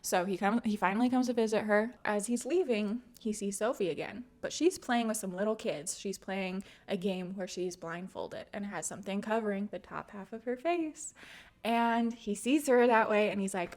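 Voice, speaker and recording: A woman's voice: medium pitch, moderate pace, darkish tone. Chatty woman recapping a book. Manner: chatty, many "like" fillers, laughs often. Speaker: book channel host. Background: faint music.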